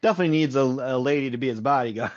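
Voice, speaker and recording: A man's voice: mid-range voice, rapid-fire, no room sound, dull audio. A man co-hosting a casual comic book podcast, cracking wry jokes and laughing often. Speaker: podcast co-host.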